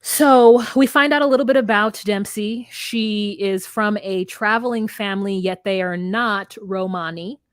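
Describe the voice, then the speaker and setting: A woman in a mid-range voice recapping a reality show on a podcast, chatty and wry, often pausing on fillers. Her voice sits dry and close to the mic. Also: medium pitch, clear, resonant tone, dry recording. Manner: chatty and wry, with frequent hesitations and laughs. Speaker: podcast co-host.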